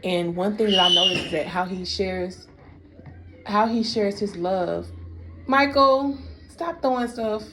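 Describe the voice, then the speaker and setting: A young woman, talking about faith and marriage in a casual preaching way, animated and full of repeats. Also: fairly low pitch, measured pace, heavy background noise.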